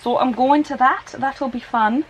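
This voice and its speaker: A woman with a fairly high voice chats through a casual vlog. She rambles from one thought to the next and pokes fun at herself while nursing a migraine. Faint noise sits behind her voice. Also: unhurried, dull audio. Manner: chatty, rambling, self-deprecating. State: suffering a migraine. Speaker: vlogger.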